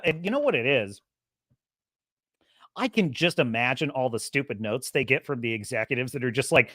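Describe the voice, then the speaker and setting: A woman's voice: mid-range voice, sing-song, moderate pace, a bit bright, no echo, clean studio sound. A woman hosting a show, ranting casually and sarcastically, laughing often and doing mocking impressions. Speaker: show host. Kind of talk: casual commentary rant.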